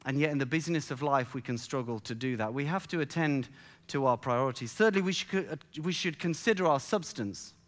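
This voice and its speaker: A middle-aged man preaching a sermon, telling a family story with halting restarts and emphatic build-ups. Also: mid-range voice. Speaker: pastor.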